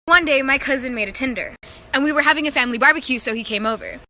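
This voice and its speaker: A woman telling a story in a lively, slangy way and swearing casually. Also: high voice, rapid-fire.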